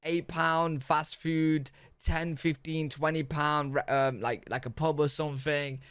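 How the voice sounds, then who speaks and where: A man's voice: a little high, little pitch movement, a little slow, a bit bright, smooth, no room sound. A British man streaming a casual reaction, chatting loosely with lots of fillers and restarts. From United Kingdom. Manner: chatty, rambling, filler-heavy.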